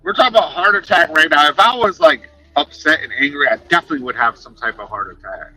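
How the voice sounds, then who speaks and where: A man chatting casually on a live stream, talking in an animated, passionate way and swearing freely, speaking into a headset. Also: a little high, fast talker, faint music behind, poor audio. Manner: animated, passionate, profane talk.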